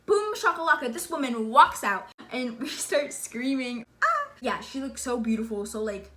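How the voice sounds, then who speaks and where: A woman telling a story in a casual vlog, excitable and gushing, filling her talk with "like" and calling her listener "sister.". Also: a little high, normal speed. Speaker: vlogger.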